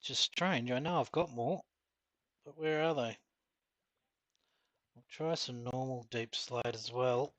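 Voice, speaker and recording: A man's voice: mid-range voice, takes it slowly, long pauses, a bit bright, no room sound. A middle-aged man with an Australian accent, chatting casually as he streams a game and answers viewer comments. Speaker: gaming streamer. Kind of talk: casual live-stream chat while gaming.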